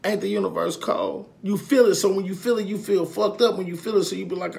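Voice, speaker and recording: In a casual vlog monologue, a man talks to his followers with emphatic, profane energy, repeating his points and swinging between quiet confessions and loud outbursts. His voice is high, creaky, and quick, with hardly any pauses.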